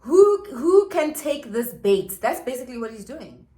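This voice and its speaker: A woman's voice: sits high, very animated, measured pace, warm tone. A woman vlogger telling a gossip story while doing her makeup at home, chatty with dramatic asides to viewers. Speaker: beauty vlogger. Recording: echoey room.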